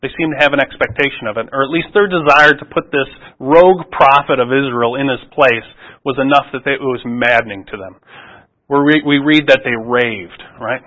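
A man's voice: mid-range voice, a little fast, sharp tone, poor audio. A man preaching a sermon in a conversational way, often restarting phrases and asking rhetorical questions.

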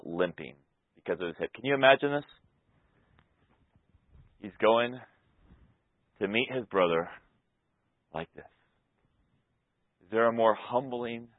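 A pastor preaching a sermon, moving between loud, passionate peaks and soft, intimate stretches. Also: male voice, mid-range voice, dry recording. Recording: tinny phone-like sound.

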